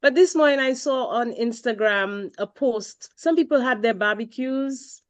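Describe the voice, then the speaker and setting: Animated Saint Lucian woman co-host. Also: fairly high pitch, unhurried, no room sound. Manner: animated ranting, exasperated. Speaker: podcast co-host. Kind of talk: casual podcast chat.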